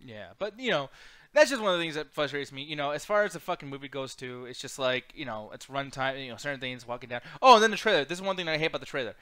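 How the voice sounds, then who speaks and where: A man co-hosting a casual movie chat, ranting with lots of profanity and animated complaints. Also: mid-range voice, quick pace, clear, resonant tone. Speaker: podcast co-host.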